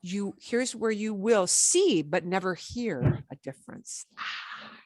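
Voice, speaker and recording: A woman teaching a beginner Spanish class, chatty and encouraging, slowing down to drill words. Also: medium pitch, animated, darkish tone, no room sound, studio quality.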